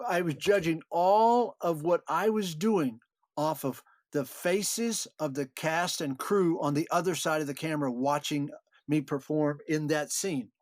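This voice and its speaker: Older man telling lively stories. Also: fairly high pitch, a little slow, no room sound, studio quality. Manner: animated anecdotes, chuckling, with restarts. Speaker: guest actor. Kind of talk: storytelling interview.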